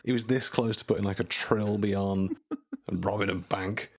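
A man's voice: lowish voice, fairly even intonation, normal speed, vocal fry. A man co-hosting a casual film podcast, riffing jokily and laughing often. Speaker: podcast co-host.

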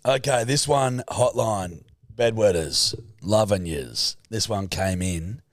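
A man's voice: lowish voice, slow, no room sound, studio quality. A man co-hosting a podcast, teasing his co-host and setting up comic bits with swearing. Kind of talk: casual chat.

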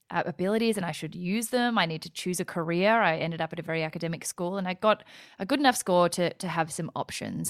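A woman's voice: fairly low pitch, no echo, studio quality. A woman in her thirties with an Australian accent, telling her story in a talkative interview chat that wanders off on tangents. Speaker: guest.

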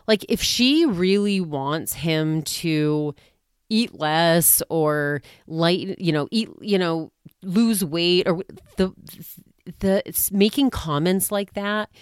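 A woman's voice: fairly low pitch, slow, clean tone, no room sound, clean studio sound. A woman hosting her own podcast, chatting casually and rambling a little while she retells a scene and acts out what people said. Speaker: podcast host. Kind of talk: casual chat.

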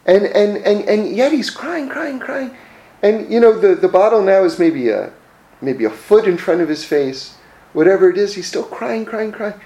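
A man leads a Torah lesson through stories, his voice sitting high. He tells them animatedly and often restarts his phrases. The recording carries a noticeable room echo. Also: moderate pace. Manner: animated storytelling with many restarts. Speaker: Torah teacher. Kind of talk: religious class, story-driven teaching. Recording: echoey room.

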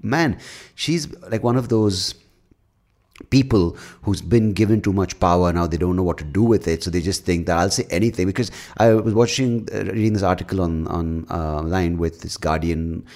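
A man's voice: sits low, normal speed, a little mellow. A man hosting a solo podcast, ranting in a blunt, profane, opinionated way, rambling with many fillers and restarts. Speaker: podcast host.

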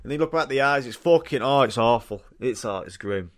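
A man's voice: mid-range voice, expressive, quick pace, very noisy. A young man hosting a solo podcast, chatting casually and swearing through rambling stories. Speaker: podcast host.

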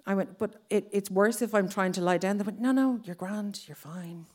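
Speaking at a moderate pace, a thirtysomething Irish woman shares a personal story before an audience, performing the lines of the people in it. Her pitch is medium and her sound slightly mellow.

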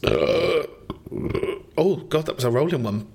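A man's voice: fairly high pitch, animated, measured pace, creaky, a little mellow, slightly rough. A chatty man hosting a phone-in show, giggling often in casual talk. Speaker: podcast host. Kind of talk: casual chat.

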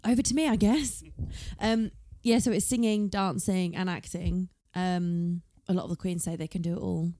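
A woman's voice: lowish voice, fairly even intonation, moderate pace, hardly any pauses, dark tone. A woman co-hosting a podcast, chatting casually through a recap and reading quotes from her notes. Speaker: podcast co-host.

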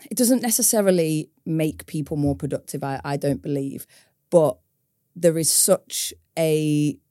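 Woman, very low voice, warm and mellow, thoughtful, pauses for words. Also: no room sound, studio quality. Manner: thoughtful, searching for words, tag questions. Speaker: business co-founder, guest. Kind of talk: casual interview chat.

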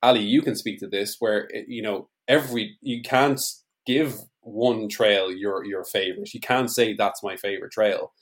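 A man's voice: fairly low pitch, normal speed, hardly any pauses. A man hosting a podcast interview, responding in a thoughtful, affirming way. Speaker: podcast host.

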